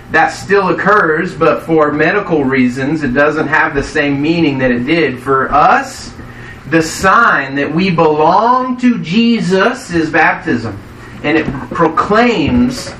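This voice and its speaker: A man's voice: a little high, sharp tone, a little hiss or hum. Preaching man in an echoey hall. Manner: conversational, asks the congregation questions. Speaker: pastor. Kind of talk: sermon. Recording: echoey hall, mic from a distance.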